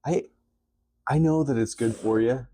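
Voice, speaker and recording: A man co-hosting a podcast in casual chat, joking and teasing with quick laughs. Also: mid-range voice, mellow, slight background noise. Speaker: podcast co-host.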